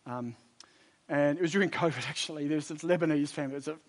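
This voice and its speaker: A man preaching a sermon to a congregation, emphatic, moving between loud exhortation, quiet intensity and chatty storytelling asides. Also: a little high, fast talker.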